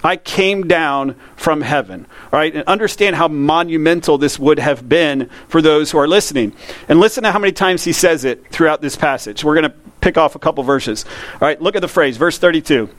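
A man, a pastor preaching a conversational sermon that slows down to read scripture. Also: on the high side, dry recording.

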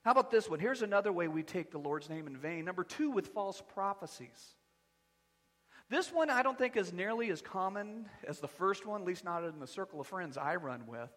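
A man preaching a sermon as pastor, animated and conversational with touches of humor. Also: sits high, a little fast, in a large hall. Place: church sanctuary.

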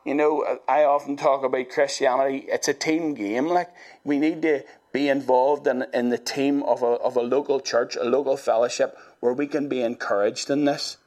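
A man's voice: medium pitch, fairly even intonation, normal speed, darkish tone. Earnest man preaching a sermon. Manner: earnest, conversational, with frequent restarts and "you know".

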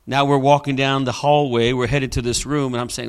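A man's voice: mid-range voice, flat delivery, brisk, hardly any pauses, clear, resonant tone. A male pastor preaching a sermon, telling a story dramatically with emphatic, repeated refrains.

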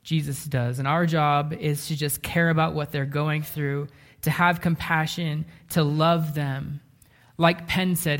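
A man preaching a sermon, telling a story earnestly, slowing down and dropping to a hush for emphasis. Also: fairly high pitch, little pitch movement. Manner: earnest, often slows down and drops to a hush for emphasis. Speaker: pastor.

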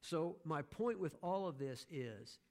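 A man's voice: fairly high pitch, animated, takes it slowly, a little mellow. A man preaching a sermon as pastor, conversational, with joking asides to the congregation.

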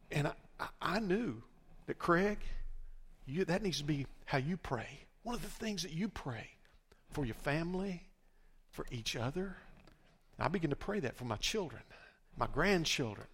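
Gravelly older male pastor preaching. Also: fairly high pitch, animated, moderate pace, a bit bright. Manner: emphatic, repeats words and restarts. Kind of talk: sermon.

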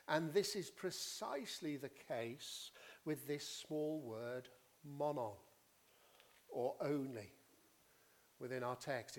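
A man preaching an expository sermon, teaching deliberately and driving points home with emphatic repetition. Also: a little high, darkish tone.

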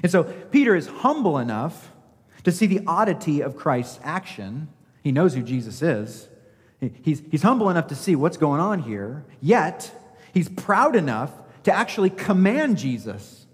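A man's voice: medium pitch, animated, a little slow. A male pastor delivers a sermon with emphasis, pressing rhetorical questions on his congregation and acting out the lines of scripture. His mid-range voice carries a long reverb from a large sanctuary.

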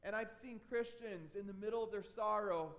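High-voiced earnest preacher man. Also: moderate pace, fairly bright tone. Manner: earnest, conversational preaching with restarts. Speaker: pastor. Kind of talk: sermon.

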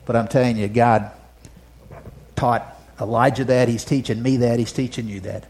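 A man's voice: mid-range voice, fairly even intonation, normal speed. Emphatic preacher man. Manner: swings from loud emphatic declarations to soft hushed asides; repeats words and restarts phrases. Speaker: pastor. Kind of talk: sermon.

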